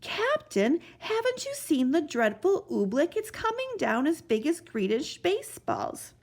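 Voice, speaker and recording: A woman's voice: sits high, huge pitch swings, unhurried, voice pushed up, full character voice. A woman voicing a brave young boy who urgently pleads and warns others in a storybook reading. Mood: pleading.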